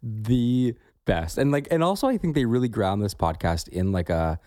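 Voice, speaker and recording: A man's voice: mid-range voice, lively intonation, normal speed, mellow, no room sound, clean studio sound. A man co-hosting a podcast, talking in a reflective, casual way with many "like" fillers. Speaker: podcast co-host.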